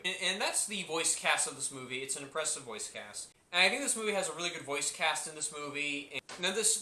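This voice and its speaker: A man talks through a movie review in a loose, rambling way, circling back to the same points and restarting his sentences. His voice is strikingly bright and a little high. The room around him adds a clear echo. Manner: rambling, repeats himself, many restarts and fillers. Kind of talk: casual spoken review.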